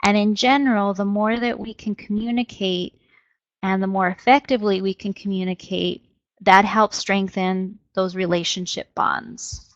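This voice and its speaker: A woman's voice: mid-range voice, normal speed, no echo. A woman presenting an educational webinar. She explains steadily and opens many sentences with "so". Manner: explanatory, steady, frequent "so" as a lead-in. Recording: dull, dry webinar audio.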